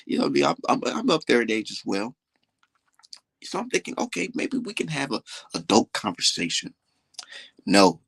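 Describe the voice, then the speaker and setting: A man's voice: mid-range voice, creaky, fairly bright tone, slightly rough, no echo. A young man hosting a livestream, ranting in a boastful, dismissive way with heavy swearing. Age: young adult. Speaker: livestream host. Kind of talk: profane livestream rant.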